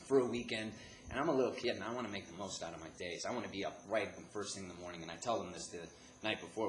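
A man from the Chicago area telling a comic story, animated, jumping between laughing outbursts and hushed asides. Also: on the low side. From Chicago area, United States. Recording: echoey room with background noise.

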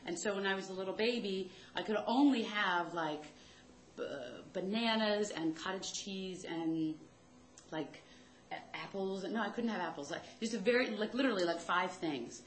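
A woman's voice: mid-range voice, moderate pace, reverberant, a little hiss or hum, low-quality recording. A woman telling a rambling, self-deprecating comic story about her family in a chatty way.

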